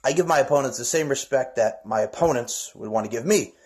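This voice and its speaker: A man cutting a boastful wrestling promo in rhyme, swinging into loud sing-song outbursts. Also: medium pitch, fairly quick.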